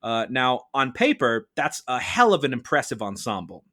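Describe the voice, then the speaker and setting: A man presents a prepared case as a mock-trial prosecutor. He argues in a measured, formal courtroom manner. His pitch sits in the ordinary middle range for a man. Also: sing-song, a bit bright. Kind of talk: prepared argumentative case delivered to a judge.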